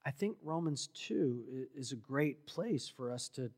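A man preaching a sermon as pastor, emphatic and building to loud exhortation. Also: mid-range voice, animated, measured pace. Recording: long hall reverb.

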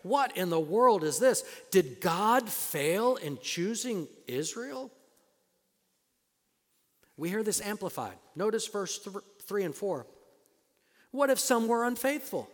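A man's voice: sits high, very animated, takes it slowly. Emphatic male preacher in a reverberant hall. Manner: emphatic, swings between loud declarations and quiet asides; conversational preacher with fillers and restarts. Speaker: pastor. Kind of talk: sermon.

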